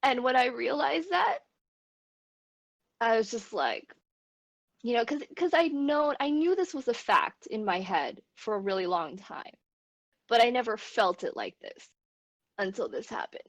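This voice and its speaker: A woman's voice: a little high, animated, unhurried, long pauses, no room sound, low-quality recording. An American woman streamer speaking in an earnest, heartfelt, rambling way, openly emotional as she talks. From United States. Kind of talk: earnest casual discussion.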